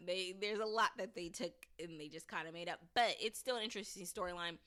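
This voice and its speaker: A woman's voice: mid-range voice, fast talker, few pauses. A woman hosting a podcast, chatting casually through an episode recap and thinking aloud with restarts. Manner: lively, acts out characters' lines in recaps. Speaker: podcast host.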